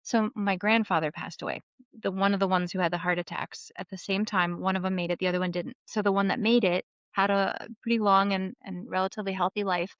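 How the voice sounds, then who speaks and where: Woman in her 30s, podcast guest, animated storytelling, mid-pitched voice, dry lo-fi sound. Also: brisk, smooth, dry recording. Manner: animated storyteller, lots of "like" fillers. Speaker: memoir author, podcast guest. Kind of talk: casual podcast interview.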